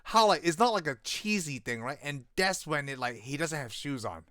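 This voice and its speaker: A middle-aged man chats casually about a favorite movie, laughing often and running loose and excitable. His voice is smooth and resonant, recorded close and dry with no room sound. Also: on the high side, normal speed, no room sound. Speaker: podcast co-host.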